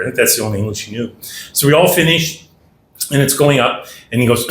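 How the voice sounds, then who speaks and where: A middle-aged Canadian man spins yarns at a dinner talk in a mid-pitched voice, acting out the other people's lines as he goes. The room is echoey, with a faint hum of ambience behind him. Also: fairly quick. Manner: anecdotal, animated, acts out dialogue. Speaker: guest speaker. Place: dinner hall.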